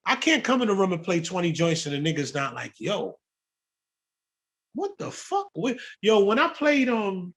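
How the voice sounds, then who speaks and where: A man from the Bronx, a music producer telling stories in a casual interview, profane, animated and full of slang. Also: high voice, a little fast, hardly any pauses. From the Bronx, New York.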